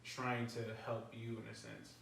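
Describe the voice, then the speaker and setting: A man's voice: medium pitch, flat delivery, unhurried, vocal fry, a bit bright. A male interview host asking earnest, rambling questions of a married couple. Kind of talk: casual interview conversation. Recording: very roomy echo, distant mic, faint noise.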